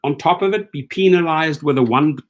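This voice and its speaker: Middle-aged male host, slightly high voice, ranting casual commentary, animated and incredulous. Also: brisk. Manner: animated, incredulous, acts out quoted lines.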